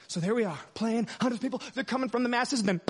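A man preaching a storytelling sermon, swinging from hushed asides to loud, emphatic lines. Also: very high voice, very fast, slightly rough. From United States.

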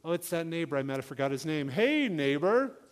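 A man with a somewhat high voice preaches to his congregation in an easy, conversational way. He slips into quick acted-out bits of dialogue to make his points. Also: fairly even intonation, a little mellow, clean tone. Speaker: pastor. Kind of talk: sermon.

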